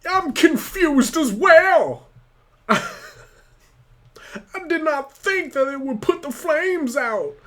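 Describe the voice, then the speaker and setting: A man voicing a silly caped vigilante hero in a strained, loud put-on voice. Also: very high voice, expressive, slow pace, long pauses, voice pushed up, full character voice. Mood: puzzled. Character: comically squeaky male caped vigilante hero.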